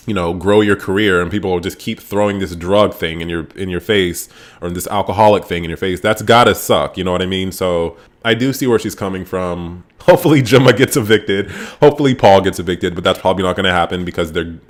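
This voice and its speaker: A man casually recapping a reality show for his vlog, animated and profane, acting out what people said. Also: lowish voice. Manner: animated, profane gossipy storytelling; acts out quotes in shifting voices. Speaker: vlogger reviewing a reality show.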